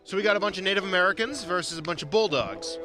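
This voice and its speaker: A young man from doing color commentary on a high school baseball game, joking and poking fun at himself. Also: racing, over music. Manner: joking, self-deprecating. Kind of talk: casual sports banter.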